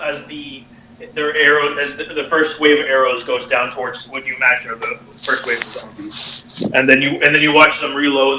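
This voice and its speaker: A man narrating a tabletop game as game master, halting with many fillers and restarts. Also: mid-range voice, sharp tone, slight background noise, poor audio.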